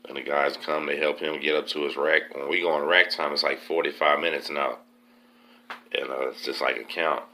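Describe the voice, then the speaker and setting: A man hosts a podcast and retells a story in a casual, streetwise way, with frequent cursing and quoted dialogue. His voice sits very low. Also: normal speed, slight background noise. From Texas. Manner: streetwise, profane, animated retelling. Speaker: podcast host.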